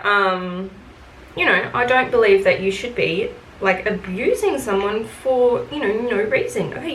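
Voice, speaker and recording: Getting ready on camera, she vents about retail work in a frank, chatty rant packed with fillers and curse words. Her voice is medium-pitched with a fairly bright tone, and the echoey room adds faint ambience and slight background noise.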